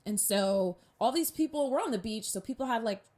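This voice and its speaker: A woman hosting a podcast, telling a personal story in a chatty, animated way and calling her listeners y'all. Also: fairly high pitch, a little fast. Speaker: podcast host.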